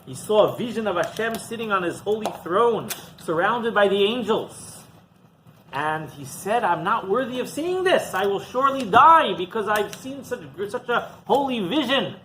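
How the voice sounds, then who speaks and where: A man, a rabbi, retelling a Midrash story in an animated Torah talk, raising his voice for the quoted speeches. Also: sits high, moderate pace, a little hiss or hum, poor audio.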